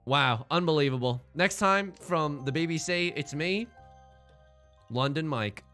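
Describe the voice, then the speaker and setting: A man's voice: a little high, a little slow, sharp tone, faint music behind. A man putting on a hammy newsreader voice, playing a mock British TV news reporter. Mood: mock-serious. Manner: hammy newsreader delivery, self-mocking.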